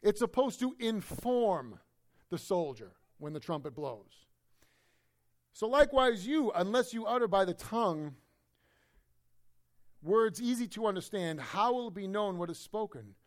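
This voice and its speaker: A high-pitched man preaching a verse-by-verse sermon. He preaches with lively emphasis and jokes, then drops to low, quiet asides. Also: a little slow, long pauses. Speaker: pastor. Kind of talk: expository sermon.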